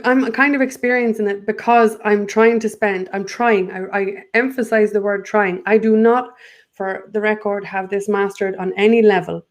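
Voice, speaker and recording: An earnest woman with a lilt talks through her thoughts as a guest in a spiritual chat. She rambles and restarts often, circling back to her point with a light laugh now and then. Her pitch sits in a middle range for a woman. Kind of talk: spiritual conversation.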